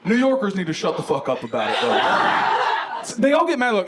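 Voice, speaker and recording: A man's voice: sits high, normal speed. A young man from Ohio doing a profane, brash stand-up comedy set on a club stage. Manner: brash, profane, animated storytelling. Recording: live club recording with audible crowd noise.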